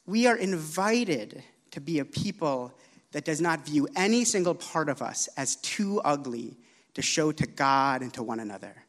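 A man preaching a sermon, earnest and expressive, telling a personal story. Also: a little high.

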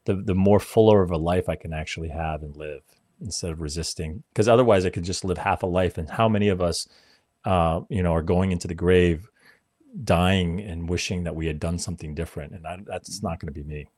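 Low-voiced man telling a story. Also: brisk, no room sound, studio quality. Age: 40s. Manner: animated, swearing, acts out quotes. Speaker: podcast guest. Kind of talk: casual storytelling.

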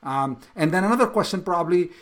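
A middle-aged man, a father talking with his son on a podcast, speaking haltingly with many restarts and fillers. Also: high voice, animated. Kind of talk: casual conversation with his son.

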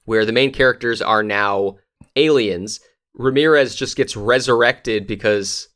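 A man's voice: medium pitch, measured pace, a bit bright. Man ranting bluntly, laughing. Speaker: podcast co-host. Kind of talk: casual chat.

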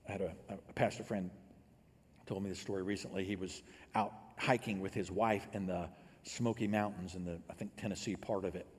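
A man preaching a sermon as a pastor, earnest, rising loud and then dropping low to tell a story. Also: fairly even intonation, a little fast, slightly rough. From Illinois. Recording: long hall reverb.

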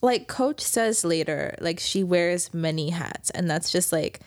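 A woman co-hosting a podcast, chatting casually about a TV episode, relaxed and given to sighs and filler words. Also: fairly low pitch, measured pace, no room sound. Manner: relaxed, sighing, lots of fillers. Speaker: podcast co-host. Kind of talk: casual chat recapping a TV episode.

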